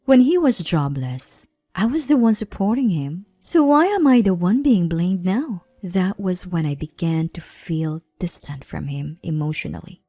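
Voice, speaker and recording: Woman in her thirties, story narration, measured, low pitch, dry close sound. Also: expressive, dark tone, no room sound, faint music behind. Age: 30s.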